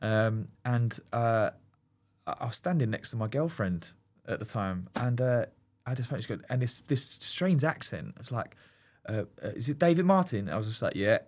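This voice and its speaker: A man's voice: fairly low pitch, moderate pace. A man, a former goalkeeper telling a long story as a podcast guest, full of fillers and restarts. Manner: rambling, animated storyteller with many fillers and restarts. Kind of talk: casual storytelling chat.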